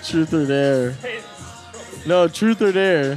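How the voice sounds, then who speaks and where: A man hosting a podcast, excitable and joking in casual chat, saying dude a lot. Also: on the high side, slow pace, faint music behind. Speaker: podcast host.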